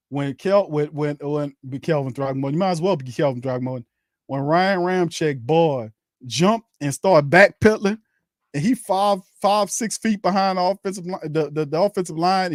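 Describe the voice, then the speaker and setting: A man's voice: dry recording, clean studio sound. Exasperated man calling a game live. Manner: exasperated, laughing, rising to high-pitched disbelief. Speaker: host giving live game commentary. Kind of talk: casual watch-party play-by-play commentary.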